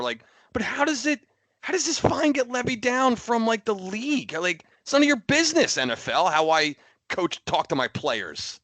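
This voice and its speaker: A man's voice: very high-pitched, sing-song, a little fast, a bit bright, no room sound. A man co-hosting a casual sports podcast, telling stories full of "like" fillers. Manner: rambling storyteller, many "like" fillers. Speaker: podcast co-host. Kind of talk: casual chat.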